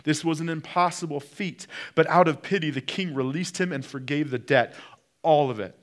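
A man preaching a sermon, swinging between loud peaks and quiet drops, and putting direct questions to the congregation. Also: on the high side, normal speed. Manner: preaching with sharp rises and drops in loudness. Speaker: pastor.

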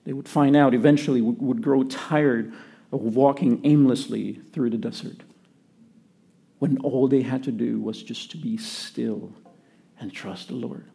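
Gravelly-voiced man preaching a sermon. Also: medium pitch, fairly even intonation, a little slow. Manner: earnest preaching, drops to quiet emphasis. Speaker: pastor.

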